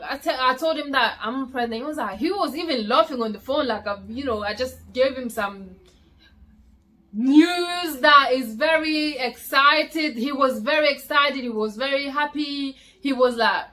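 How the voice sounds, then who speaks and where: A young woman telling her own story in a casual vlog, acting out the voices of the people she quotes, swinging from loud outbursts to hushed asides. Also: high voice, moderate pace. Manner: frequent fillers and restarts, swinging from loud to hushed. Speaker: vlogger.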